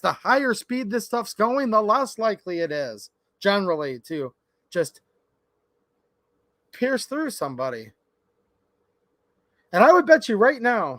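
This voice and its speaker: A man's voice: sits high, sharp tone, no room sound. A man from Michigan hosting a casual livestream from his workshop, chatty and opinionated, talking straight to his chat. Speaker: gun channel livestream host.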